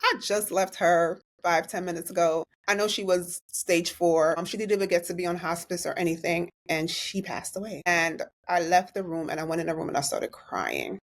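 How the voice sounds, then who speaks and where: A nurse from New York speaks in a notably low voice, earnest and candid as she recounts her experience. It is casual interview storytelling, heartfelt and unpolished. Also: normal speed, few pauses. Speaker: guest, registered nurse.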